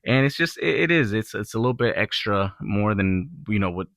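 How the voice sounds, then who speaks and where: A man with a lowish, bright, forward voice chats through his gear in a relaxed, rambling way. He fills pauses with ums and uhs, and his voice is recorded close and dry. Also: gravelly, dry recording. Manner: relaxed, rambling, filler-heavy. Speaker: gun channel host. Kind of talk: casual product review talk.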